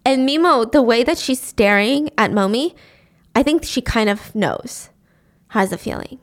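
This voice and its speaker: A young woman host telling the story of a drama in an animated, casual way, sometimes speeding up and sometimes slowing for the sad parts. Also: a little high. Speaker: podcast host recapping a drama.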